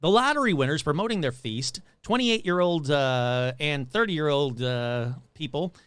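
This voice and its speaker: A man hosting a podcast, reading paranormal news in a jokey, animated way and tripping over words. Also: fairly high pitch, normal speed, clean tone, dry recording. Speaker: podcast host. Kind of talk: casual paranormal news commentary.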